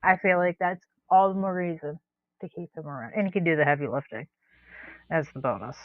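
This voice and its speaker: A woman with a low voice co-hosts a podcast, talking fairly quickly and rambling in a relaxed, casual way with plenty of chuckles. The recording is dry with no echo and has a dull, lo-fi quality.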